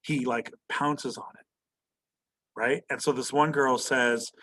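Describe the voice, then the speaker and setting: A man's voice: medium pitch, steady tone, slow pace, fairly bright tone. Man teaching an online history class. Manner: asks students questions, tags "right?" often. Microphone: video call.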